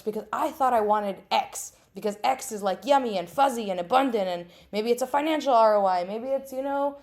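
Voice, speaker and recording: A woman hosts her own podcast in a casual solo monologue. She talks candidly and animatedly, swears freely and laughs at herself. She acts out the voices in her head with lively shifts. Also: a little high. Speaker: podcast host.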